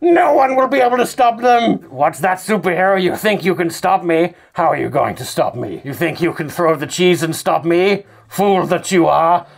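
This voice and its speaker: A man's voice: high-pitched, lively intonation, moderate pace, gravelly, hardly any pauses, heavily acted. A man improvising a boastful, bumbling male supervillain who monologues theatrically. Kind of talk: improvised comedy presentation.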